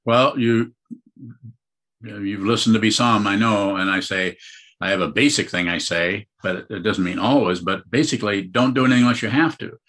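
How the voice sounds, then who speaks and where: A man teaching meditation and answering questions in a gentle, rambling dharma talk. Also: on the low side, fairly even intonation, normal speed.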